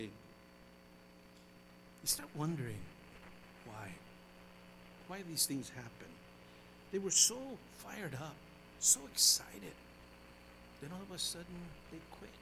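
An older man preaching a sermon as pastor, his voice swinging from loud exclamations down to quiet asides. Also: fairly high pitch, noisy background.

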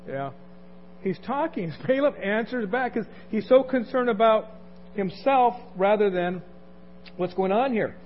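A man's voice: high-pitched, animated, moderate pace. A man preaching a conversational sermon as pastor, asking the congregation questions and chuckling between points. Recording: dull lo-fi recording, faint noise.

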